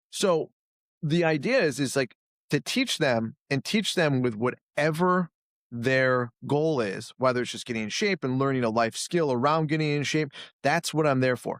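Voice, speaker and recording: A man's voice: mid-range voice, no echo, clean studio sound. A man who coaches jiu-jitsu and runs a gym, talking in a casual interview, blunt and self-critical, often acting out other people in a raised voice. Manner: animated, acts out quoted people in a raised voice.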